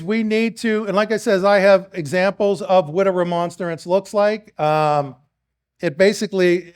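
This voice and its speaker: A man speaking to a live audience, telling rambling stories, acting out exchanges with others, and putting questions to the crowd. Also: high-pitched. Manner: storytelling, acts out quoted exchanges; rambling with restarts, addresses the crowd. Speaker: speaker at a public meeting.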